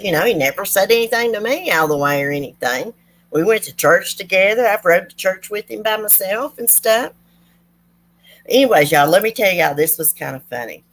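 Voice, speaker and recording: A woman's voice: medium pitch, a bit bright. A woman telling folksy stories to her viewers in a chatty, rambling way. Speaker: true crime channel host. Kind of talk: casual storytelling to viewers.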